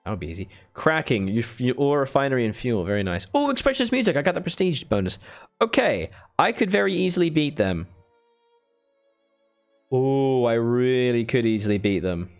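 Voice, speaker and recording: A man's voice: mid-range voice, lively intonation, moderate pace, soft background music. A man live-streaming a strategy game, thinking aloud in a chatty way and thanking viewers with bursts of enthusiasm. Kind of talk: casual live-stream commentary.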